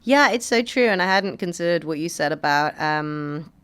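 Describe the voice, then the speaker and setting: A young adult woman co-hosting a podcast, speaking frankly and in an animated way, with lots of "like". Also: fairly low pitch, normal speed, smooth. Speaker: podcast co-host. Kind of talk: casual podcast conversation.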